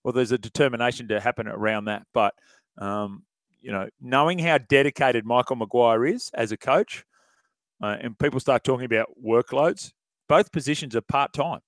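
Opinionated Australian radio host, dry sound. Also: male voice, mid-range voice, moderate pace, no room sound. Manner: chatty, opinionated, chuckles as he talks. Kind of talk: casual sports commentary.

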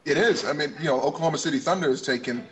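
A man's voice: on the high side, very fast, a bit bright. A man co-hosting a basketball podcast, upbeat, talking in long run-on thoughts. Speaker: podcast co-host. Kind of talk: casual sports chat.

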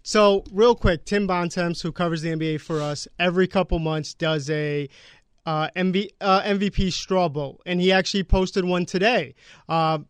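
High, smooth-voiced male sports analyst. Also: no room sound. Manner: measured, filler-heavy explanation. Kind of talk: sports talk discussion.

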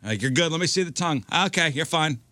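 A man's voice: fairly high pitch, quick pace, no echo. A man telling a story in casual chat on a podcast, acting out the lines he quotes. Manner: animated storyteller, acts out quotes. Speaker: podcast co-host.

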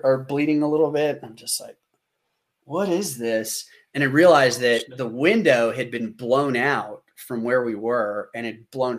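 A man in his thirties with an American accent, telling a war story as a podcast guest, animated and acting out the dialogue he quotes. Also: mid-range voice. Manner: animated, acts out quoted dialogue, frequent fillers. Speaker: podcast guest, combat veteran. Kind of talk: casual storytelling.

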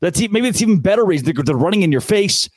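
A man's voice: sits high, lively intonation, fast talker, a little mellow, dry recording. A man hosting a sports podcast, ranting with sarcasm and hyperbole in an opinionated, fired-up way.

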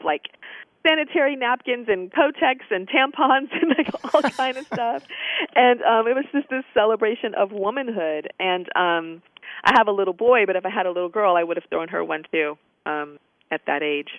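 A woman guest in a casual interview, telling lively stories and acting out bits of dialogue. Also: mid-range voice, moderate pace, no echo. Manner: lively, acts out quoted dialogue. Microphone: phone line. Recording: tinny phone line.

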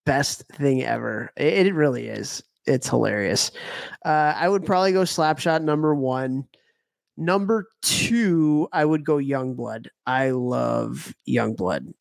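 Gravelly and mid-range, this man's voice takes its time as he co-hosts a podcast. He chats and rambles casually, restarting often and leaning on fillers, with no room sound in the recording.

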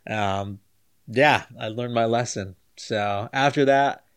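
A man tells a story casually as a guest, speaking slowly and smoothly. Quoting people makes his voice jump higher and louder, he laughs along the way, and he grows soft and low as he wraps up.

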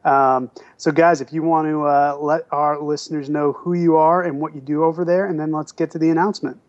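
A man's voice: a little high, little pitch movement, brisk. A man guest-hosting a podcast segment, friendly and loose as he brings in guests. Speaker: editor guest co-host. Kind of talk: casual chat. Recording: dull lo-fi sound.

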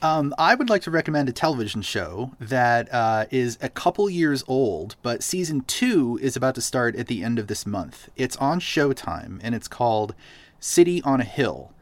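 A man's voice: medium pitch, sing-song, normal speed, dry recording. A man from Boston hosting a podcast in casual chat, recommending things enthusiastically with lots of fillers. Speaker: podcast host.

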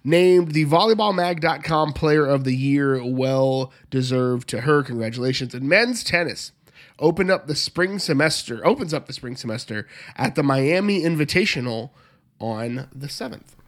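A man co-hosting a sports podcast, reading dry, brisk news updates. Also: fairly high pitch. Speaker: co-host. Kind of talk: sports news rundown and chat.

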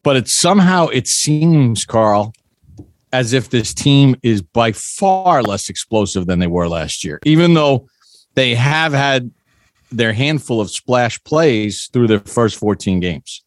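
A man hosting a sports podcast, talking stats in a casual, animated way. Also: medium pitch, slow pace, dry recording. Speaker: podcast host.

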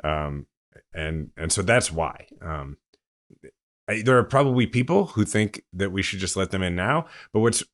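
A man hosting a podcast, explaining political news in a relaxed, chatty way. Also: low voice, normal speed. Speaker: podcast host. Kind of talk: casual political commentary.

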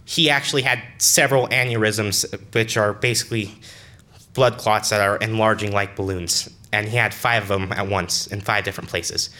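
Young male storyteller, bright voice, earnest and halting, casual delivery. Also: fairly low pitch, steady tone. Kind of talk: personal story told to an audience.

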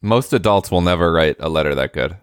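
A man's voice: low voice, lively intonation, brisk, smooth, no echo, studio quality. A man co-hosting a casual chat, talking candidly and rambling a little, repeating himself. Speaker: podcast co-host.

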